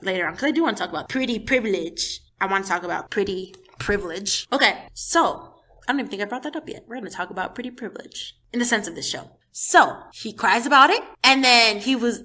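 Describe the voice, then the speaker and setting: Bright-voiced young woman, blunt and animated. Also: mid-range voice, fast. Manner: animated, blunt, swears freely. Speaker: YouTuber reviewing a TV show. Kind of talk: casual, profane vlog commentary.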